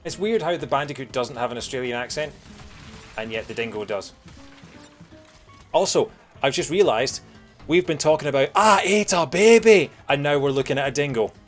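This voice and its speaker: A man's voice: medium pitch, lively intonation, a little fast, long pauses, soft background music. A man streaming a video game, chatting with viewers in a rambling, casual way. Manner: chatty, rambling with many fillers. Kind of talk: casual live-stream commentary.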